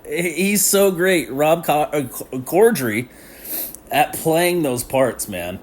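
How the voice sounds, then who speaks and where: A man's voice: mid-range voice, expressive, normal speed, darkish tone. A man hosting a casual solo podcast, rambling and laughing often as he talks with lots of slang. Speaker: podcast host.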